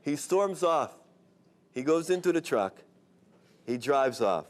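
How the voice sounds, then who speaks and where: A man, a rabbi, telling an inspirational story in an expressive voice, sprinkling in Hebrew terms. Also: a little high, slow.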